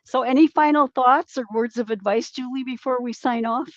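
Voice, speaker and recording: A woman's voice: sits high, moderate pace, no echo. Woman host on dull, dry call audio. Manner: friendly wrap-up with repeated affirmations. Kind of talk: interview hosting.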